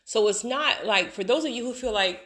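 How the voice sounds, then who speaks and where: A woman's voice: on the high side, animated, normal speed, a bit bright. A woman hosting her own video channel, talking casually and emphatically to her subscribers, with lots of rhetorical repetition. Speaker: YouTube channel host. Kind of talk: casual vlog talk to subscribers.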